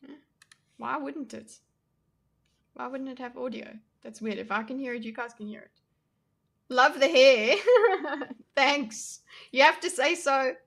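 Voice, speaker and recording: Bright chatty young woman streamer. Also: high-pitched, unhurried, vocal fry, long pauses. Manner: chatty, self-deprecating, laughs often. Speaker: livestream host. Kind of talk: casual livestream chat reacting to chat.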